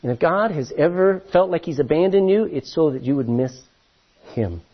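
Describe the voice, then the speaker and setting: A man preaching a sermon as pastor, telling stories in an animated way with many restarts, his voice a little husky. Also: fairly high pitch, moderate pace, muffled recording.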